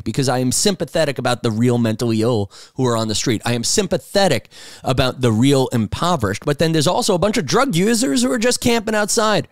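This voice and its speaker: A middle-aged man, hosting a podcast and telling stories in a loose, animated monologue. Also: medium pitch, no room sound, clean studio sound. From New York City. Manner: rambling, animated storytelling. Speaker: podcast host. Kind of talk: casual monologue.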